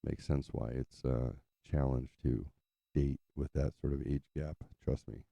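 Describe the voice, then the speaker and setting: A man's voice: rumbling low, steady tone, a little slow, creaky, warm tone, no echo, muffled recording. A man from California telling a rambling story in casual, profane chat, full of fillers, as host of his show. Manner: loose, profane, chatty, trails off in filler. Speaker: podcast host.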